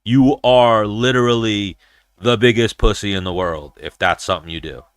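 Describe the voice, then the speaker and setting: A man's voice: on the low side, normal speed, fairly bright tone, clear, resonant tone, no room sound. A young man hosting a casual livestream, talking in a rambling, profane way and telling stories. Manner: profane, rambling storyteller who slips into impressions. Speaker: show host.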